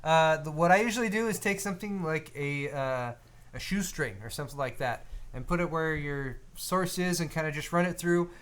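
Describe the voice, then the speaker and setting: A man with a slightly high voice co-hosts a live hardware stream. He reads viewer messages and answers them in a loose, chatty way, full of small restarts. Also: moderate pace. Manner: relaxed, reads viewer donations aloud; frequent fillers and restarts, conversational. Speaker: co-host of a hardware show. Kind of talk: casual live-stream chat.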